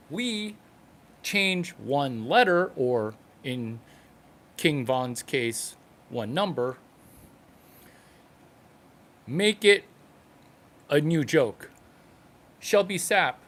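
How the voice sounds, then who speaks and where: Man, stand-up comic, fairly high voice, choppy phrasing, numbered points. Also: fairly bright tone. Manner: halting, broken into short numbered points. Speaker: stand-up comedian. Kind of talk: comedic monologue.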